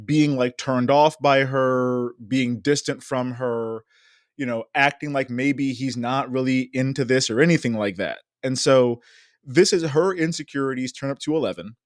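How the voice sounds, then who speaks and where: A man's voice: mid-range voice, moderate pace, dry recording, clean studio sound. A man co-hosting a podcast, chatting casually about a reality show in a wry, exasperated way and swearing now and then. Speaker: podcast co-host. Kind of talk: casual reality-TV recap chat.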